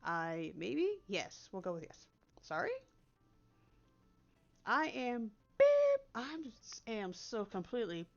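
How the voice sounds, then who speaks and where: A woman's voice: lowish voice, huge pitch swings, a little slow, vocal fry, lo-fi sound, soft background music, pitched below the performer's own voice, exaggerated voice. A woman voicing a brash young female fighting-game player, exasperated and emphatic. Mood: panicked.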